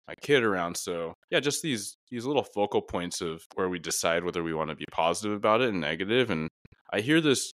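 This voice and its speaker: Deep-voiced reflective male podcast host. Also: no room sound, studio quality. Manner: reflective, rambling, animated when quoting. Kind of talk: casual podcast conversation.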